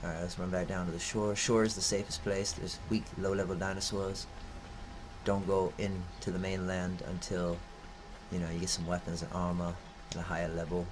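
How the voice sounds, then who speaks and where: A man's voice: sits low, level tone, normal speed, background noise. A man casually commenting on his gameplay, cursing and joking. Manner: profane, joking, laughs often. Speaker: gaming channel host.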